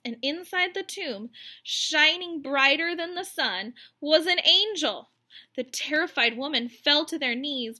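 A woman reading a Bible story aloud at bedtime to a child, expressive and tender. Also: high-pitched.

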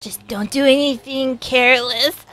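A woman's voice: a little high, fairly bright tone. A young woman reacting to an anime episode, gushing, squealing and laughing, then chatting casually to her viewers. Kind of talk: excited reaction commentary.

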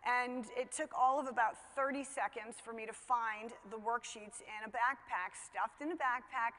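A woman's voice: fairly high pitch, fairly even intonation, normal speed, fairly bright tone. Chatty woman telling a story in a big reverberant hall. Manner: conversational, chatty, many fillers like "you know", laughs at herself. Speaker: speaker telling a parenting story. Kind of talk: personal storytelling talk.

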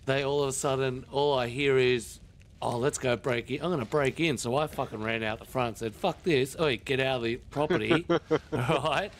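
A man's voice: medium pitch, normal speed, a little hiss or hum. A man with an Australian accent telling a story over game voice chat, swearing constantly. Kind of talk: casual voice chat while gaming.

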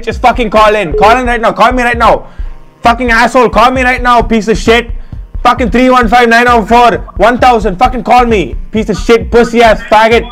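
A short-fused male hotline host voiced by a man, shrill and very high. He swears and shouts without pause in a comedic rant, with faint music behind. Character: hot-tempered adult male tech support hotline host.

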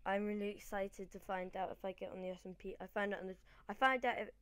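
A woman's voice: mid-range voice, steady tone, fast talker, fairly bright tone, dry recording. A British woman rambling casually through gameplay commentary, often correcting herself mid-sentence. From Britain. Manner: chatty, rambling, self-correcting. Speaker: gaming channel host.

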